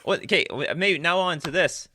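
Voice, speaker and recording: A man's voice: on the high side, normal speed, pushed and bright, no echo, studio quality. A man hosting a live stream, reading out viewer questions and chatting casually, often stopping and restarting his sentences. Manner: chatty, self-interrupting.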